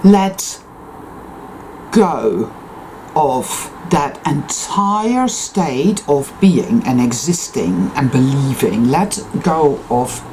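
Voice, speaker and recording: A woman talks in an intense, emphatic monologue that swears freely. Her pitch swings widely, and her tone stays mellow and warm. Faint noise sits behind her. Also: very animated, very slow, rough recording. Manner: emphatic, intense and profane self-affirmation. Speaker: spiritual vlogger. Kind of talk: unscripted personal monologue.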